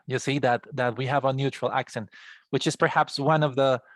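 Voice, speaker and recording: A man's voice: medium pitch, fairly even intonation, a little fast, no room sound. A man from Bogota with a Colombian Spanish accent, lecturing an online English class and explaining at length, often calling his students guys. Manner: explanatory, addresses students as guys, frequent restarts. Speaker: English teacher. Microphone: video call.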